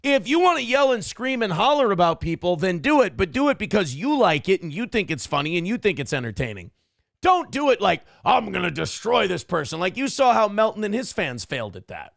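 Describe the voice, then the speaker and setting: A man hosting a comedy talk show, reacting to clips with sarcastic, profane commentary and animated storytelling. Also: high voice, fairly quick, no echo, clean studio sound. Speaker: morning show host.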